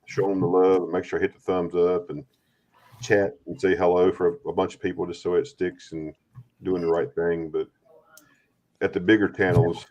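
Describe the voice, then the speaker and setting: A man's voice: low voice, level tone, moderate pace, darkish tone, low-quality recording. A man hosting a casual livestream chat, rambling and friendly, often repeating words. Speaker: stream host. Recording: faint background noise.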